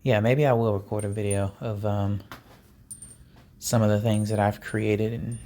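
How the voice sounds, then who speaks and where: A man chats alone on his podcast, relaxed and playful. He keeps turning to the listeners with teasing questions and jokey asides, mixing in laughs and sighs. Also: on the low side, a little slow, a little hiss or hum. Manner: playful, chatty, talks straight to listeners. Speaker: podcast host. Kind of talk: casual solo podcast chat.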